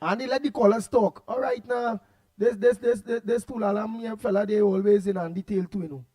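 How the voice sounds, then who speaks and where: Trinidadian male radio host, very high pitch, animated and rambling. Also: brisk. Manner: animated, repetitive, laughs often, loud outbursts. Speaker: radio talk show host. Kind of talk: casual radio chat reading listener comments.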